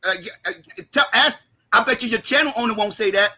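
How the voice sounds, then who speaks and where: Sharp-voiced man ranting, raspy. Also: very high-pitched, fairly quick. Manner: heated, mocking, often shouting. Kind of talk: profane roast rant.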